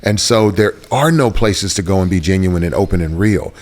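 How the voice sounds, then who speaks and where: An earnest man with a lowish voice tells a personal story as an interview guest. He searches for words and circles back to repeat phrases for emphasis. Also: moderate pace, a little mellow. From Houston, Texas.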